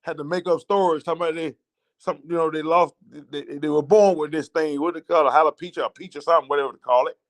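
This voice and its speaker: A man's voice: a little high, steady tone, fast. A man with a Southern American accent telling an emotional story as a show host, repetitive and rising with indignation. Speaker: teachers' association advocate hosting a show. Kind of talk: impassioned spoken monologue.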